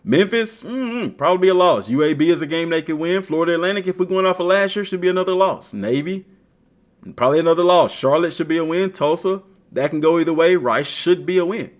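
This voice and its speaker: A man's voice: fairly high pitch, a little fast. A man streaming a video game, giving casual, slangy commentary and talking straight to the team. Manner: slangy, talks to the team directly, animated. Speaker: gaming streamer.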